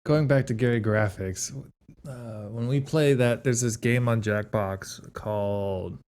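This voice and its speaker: Animated storytelling man on a podcast. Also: medium pitch, measured pace. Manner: animated storytelling, acts out quotes, laughs often. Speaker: podcast co-host. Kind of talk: casual chat.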